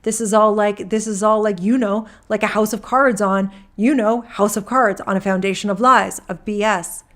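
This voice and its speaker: Performing a deposition transcript, a woman voices a male witness who rambles casually and starts his sentences over. She keeps a medium pitch and steady tone at a moderate pace with few pauses, acting only lightly.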